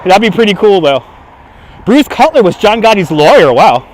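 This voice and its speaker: Loud joking Brooklyn man, high voice. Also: big pitch swings, normal speed. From Brooklyn, New York. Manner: loud, joking, laughs often. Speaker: livestream host. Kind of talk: walking livestream chat. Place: city streets outdoors. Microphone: handheld phone on gimbal.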